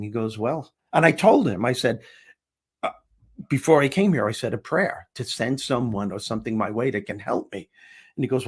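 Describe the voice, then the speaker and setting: A man with a husky, somewhat breathy voice tells a story in conversation. He acts out every exchange, dropping his voice low for the quiet moments and lifting it for the excited ones. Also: a little fast. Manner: acts out dialogue, shifting voice for each person. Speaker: guest, comedian and speaker.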